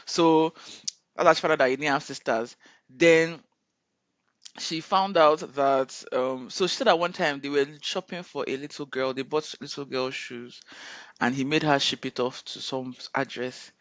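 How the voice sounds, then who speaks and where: A man retelling a viral story in a casual, animated way, often quoting people and laughing. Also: medium pitch, normal speed, dry recording. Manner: animated retelling with frequent laughter and quoted voices. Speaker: co-host reviewing a viral video series.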